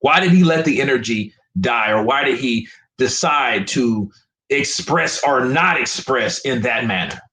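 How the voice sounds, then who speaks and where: A boxing commentator streamer rants live, frustrated and emphatic, swearing and repeating himself. His bright, forceful voice is expressive and unhurried, jumping around a lot in pitch, and the room behind him echoes.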